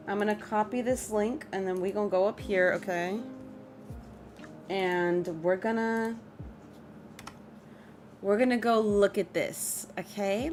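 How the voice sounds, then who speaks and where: Woman livestreamer, casual chatty commentary, faint hiss behind her. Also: mid-range voice. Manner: chatty, reads lyrics aloud, greets chat. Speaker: streamer.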